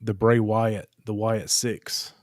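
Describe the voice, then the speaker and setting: A man's voice: fairly low pitch, flat delivery, takes it slowly, no echo, clean studio sound. A man in his thirties co-hosting a podcast, telling loose, profane, rambling stories in casual chat. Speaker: podcast co-host.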